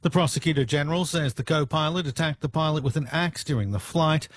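A man reading the news in a steady, measured way. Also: on the high side, no echo. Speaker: newsreader.

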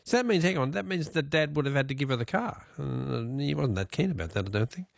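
Gravelly-voiced radio host. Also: male voice, fairly high pitch, animated, fast talker, dry recording, clean studio sound. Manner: chatty, musing aloud, chuckles often. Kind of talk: casual radio chat with callers. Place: radio studio.

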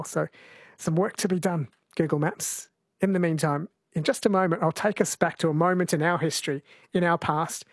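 A man's voice: on the high side, no room sound, studio quality. A man hosting a radio show, chatting casually and thinking aloud. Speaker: radio host.

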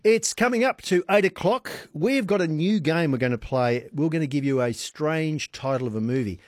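A man's voice: a little high, expressive, normal speed, dry recording, clean studio sound. A man hosting a radio show, chatting loosely and laughing along. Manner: warm-hearted rambling, laughs along. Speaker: radio host. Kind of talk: casual radio chat. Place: radio studio.

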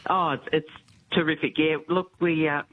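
A woman's voice: low voice, fairly even intonation, normal speed. A woman phoning in as a correspondent, talking hesitantly with many fillers. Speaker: caller, military correspondent. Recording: tinny phone line.

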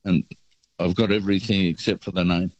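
A man's voice: low voice, steady tone, brisk, darkish tone, no room sound. An older Australian man calling in to a radio show, telling a rambling, easygoing travel story. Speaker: caller. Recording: dull lo-fi phone line.

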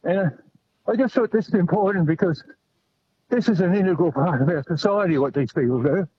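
An older Australian man calling in to a radio show while running, out of breath, earnest and halting. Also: high-pitched, husky, no room sound, highs cut off. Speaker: caller. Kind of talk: casual phone chat while running.

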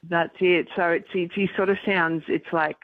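A woman's voice: fairly low pitch, fairly even intonation, moderate pace, dry recording. A middle-aged woman guest chatting in a thoughtful, hedging way with many fillers, heard over a phone line. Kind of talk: casual chat on a phone line.

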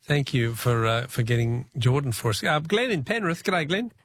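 A man's voice: medium pitch, moderate pace, a bit bright, husky, no echo, studio quality. A man with an Australian accent hosting a talkback radio quiz, chatty, reading out listener texts and taking callers. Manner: chatty, reads texts aloud, laughs easily.

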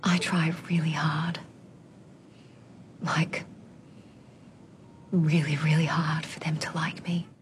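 An actress playing a self-conscious young woman who talks softly, half-whispered, in a drama clip. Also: low-pitched, level tone, slow pace, pauses often, slight background noise. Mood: confessional.

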